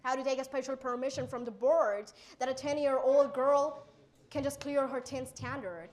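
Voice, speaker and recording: A woman's voice: sits high, moderate pace. A teenage girl from India with an Indian English accent, telling her life story as a motivational speaker and acting out what people said. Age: teen. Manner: animated, acts out quoted exchanges.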